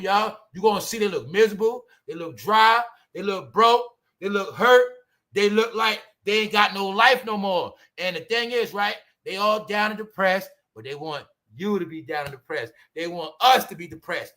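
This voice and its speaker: A guy hosting a commentary channel rants at normal speed on a casual livestream, his sharp, bright voice swinging between loud outbursts and low mutters. He keeps posing rhetorical questions to viewers, repeating "y'all" and "huh."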